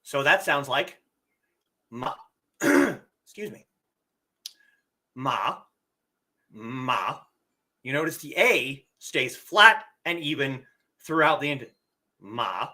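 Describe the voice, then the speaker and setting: Man, live-streamed lesson, bright voice, somewhat high pitch, deliberate explaining. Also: lively intonation. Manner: slow, deliberate explaining with drawn-out examples; reads viewer comments aloud. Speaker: teacher and streamer.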